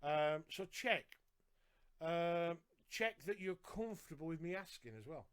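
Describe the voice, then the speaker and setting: Earnest man, a little high. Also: expressive, a little slow, clear, resonant tone. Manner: earnest, lists points, repeats for emphasis. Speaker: podcast co-host and carer. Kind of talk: casual live podcast chat.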